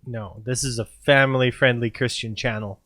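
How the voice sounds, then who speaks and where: A man with a bright, forceful voice joking through a game playthrough, close to a desk mic in a dry, dead room. He laughs a lot and hams up the dialogue as he reads it. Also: mid-range voice, steady tone, moderate pace, no echo. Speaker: gaming channel host.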